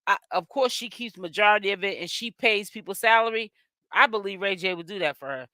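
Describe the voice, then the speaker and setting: A celebrity gossip channel host from Boston, Massachusetts, talks with a Boston accent in a medium-pitched, sharp voice. She's sassy and chatty on a live stream, reading viewers' chat aloud and stretching out her exclamations. The studio-quality recording has no echo.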